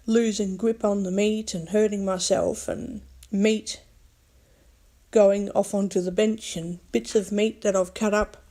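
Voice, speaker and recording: A woman's voice: medium pitch, darkish tone. Blunt, swearing woman vlogger. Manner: blunt, heavy swearing, repeats herself. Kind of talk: casual rambling monologue.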